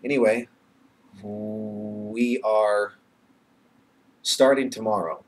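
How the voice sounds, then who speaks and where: A man's voice: fairly low pitch, fairly even intonation, very slow. A young man vlogging into his webcam, rambling with lots of fillers and swearing, nervous and emotional, often breaking into laughter. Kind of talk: casual webcam vlog.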